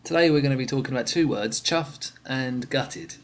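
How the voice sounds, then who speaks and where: A man gives a simple lesson on everyday slang. He speaks clearly and patiently and repeats each example slowly so learners can follow. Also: mid-range voice, a little hiss or hum. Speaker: English teacher.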